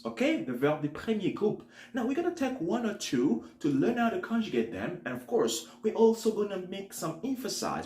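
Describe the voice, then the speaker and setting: A man teaching verbs in a casual online lesson, often checking in with "all right?". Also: on the high side. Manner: lively, repeats "all right?" after phrases. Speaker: French teacher. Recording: echoey room, soft guitar music.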